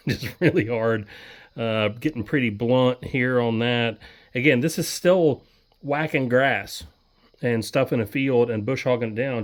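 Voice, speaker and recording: A man's voice: mid-range voice, no echo. Guy talking through tractor maintenance outside, folksy and rambly, dry close sound, crickets going. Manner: folksy, rambling, many fillers. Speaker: equipment vlogger. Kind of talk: casual how-to walkthrough. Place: outdoors by a tractor.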